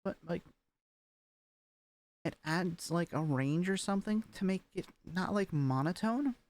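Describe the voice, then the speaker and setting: A woman's voice: on the low side, lively intonation, measured pace, a little mellow. A woman working through voice training homework, talking casually with lots of fillers and repeating practice sentences with rising and falling intonation. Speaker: voice training student. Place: home room, streaming as a vtuber. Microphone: webcam microphone.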